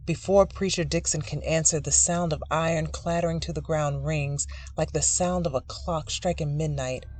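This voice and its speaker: A narrator reading a dark literary short story in a measured, dramatic way. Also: medium pitch, fairly even intonation.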